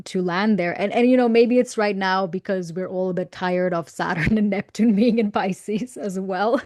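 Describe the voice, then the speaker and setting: Woman, guest on a video-call podcast, reflective and quick to laugh, mid-pitched voice. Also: a little mellow. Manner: reflective, laughs often, repeats words when starting. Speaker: guest astrologer. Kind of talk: casual podcast conversation.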